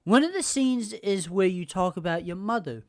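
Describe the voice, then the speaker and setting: A woman's voice: mid-range voice, lively intonation, moderate pace. A woman hosting a podcast, ranting casually and heatedly with lots of swearing and repetition. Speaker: podcast host. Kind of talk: casual rant.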